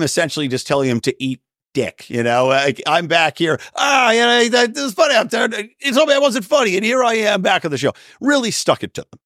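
Philly-man in his thirties, solo podcast host, ranting and wry, middle pitch, dead-dry close mic. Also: no echo. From Philadelphia area. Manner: opinionated, ranting, wry asides. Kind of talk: casual solo commentary.

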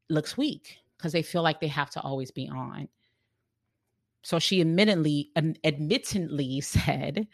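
Podcast host, solo reflective talk: earnest, searching delivery with frequent restarts, gravelly fry in the voice. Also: mid-range voice, fairly bright tone, no echo, clean studio sound. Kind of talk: reflective podcast monologue on leadership.

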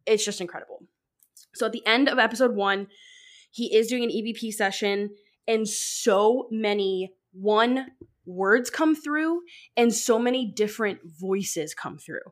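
Woman, podcast co-host, casual chat, rambling, excitable, lots of "like". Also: on the high side, a little slow. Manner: rambling, fills with "like"; excitable, laughs often.

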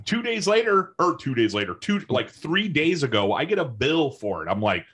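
A man in mid-rant on a casual podcast, cursing freely and pushing his voice up whenever he gets heated. His delivery is loose and indignant, and his pitch climbs and drops in wide swings as he vents. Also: normal speed, breathy edge. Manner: heated, swears constantly, animated pitch swings. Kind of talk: profane comedic rant.

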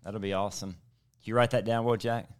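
Smooth-voiced, effusive male podcast host. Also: on the low side, flat delivery, quick pace. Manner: effusive, encouraging. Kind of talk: casual interview.

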